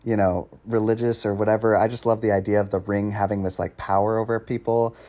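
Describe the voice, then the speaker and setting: A man's voice: on the low side, flat delivery, fast talker, mellow. A man in a casual podcast chat, reflective and rambling.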